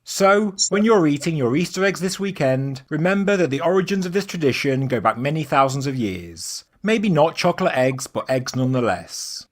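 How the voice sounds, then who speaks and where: A man narrating a history video in a measured, scripted reading. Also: on the high side, expressive. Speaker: documentary narrator.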